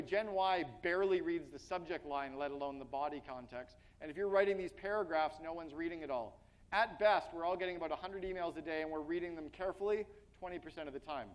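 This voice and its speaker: Speaking straight to a live audience and firing questions at them, a man delivers a blunt, energetic business keynote. His voice sits on the higher side, and the recording is rough.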